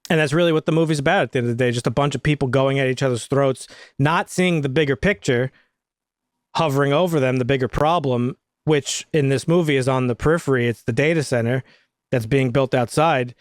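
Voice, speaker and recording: A man's voice: mid-range voice, fairly quick, no room sound, studio quality. A man co-hosting a film review podcast, talking casually and swearing a lot while telling stories. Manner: profane, animated storytelling. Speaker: podcast co-host.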